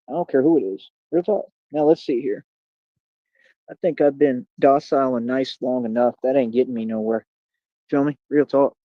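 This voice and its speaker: A combative man hosts his own live stream and goads his critics while looping back to the same catchphrases. His voice sits at an ordinary pitch. The sound is dry and a little dull, like a home streaming setup. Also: no room sound. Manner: combative, taunting, repeats catchphrases. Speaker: livestream host. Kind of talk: casual live-stream rant.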